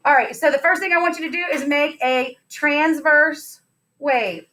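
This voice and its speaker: A woman's voice: sits high, normal speed, sharp tone. A woman teacher giving a science lesson in a classroom, upbeat and playful, putting questions to her students.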